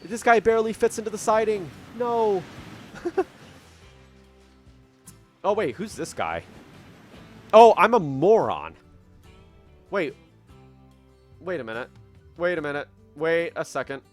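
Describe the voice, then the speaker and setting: A man's voice: high voice, normal speed, faint music behind. A young man hosting a gaming channel, casually commenting on his gameplay, chatty and self-mocking as he thinks aloud at a desk microphone at home. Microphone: desk microphone at a computer.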